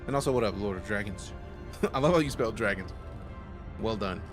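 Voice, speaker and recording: A man's voice: lowish voice, a little fast, soft background music. A man streaming a space game, chatting casually in slang with his viewers and giving voice commands. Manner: animated, slangy, talks to chat and voice commands. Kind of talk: casual live-stream chat.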